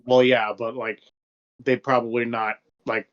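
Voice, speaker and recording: Rambling, foul-mouthed young podcast co-host. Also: male voice, medium pitch, little pitch movement, a little slow. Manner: rambling, loose and profane, lots of fillers. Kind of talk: casual chat. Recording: dull lo-fi podcast mic.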